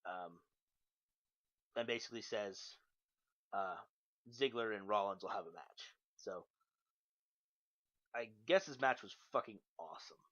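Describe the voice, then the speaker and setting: Casting: young male podcast host, low voice, swears freely, muffled home mic. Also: unhurried, pauses often, a bit bright. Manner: loose and profane, frequent ums and uhs. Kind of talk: casual wrestling recap.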